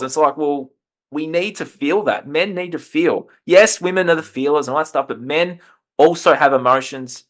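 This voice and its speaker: Earnest man, slightly high voice. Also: normal speed, fairly bright tone. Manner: impassioned, repeats and restarts phrases. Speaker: podcast guest, life coach and author. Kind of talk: earnest conversational interview.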